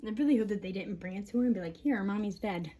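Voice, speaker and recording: A woman's voice: medium pitch, very fast, mellow. A mother venting on camera in a rambling monologue, swearing often, agitated and breaking into laughs between lines.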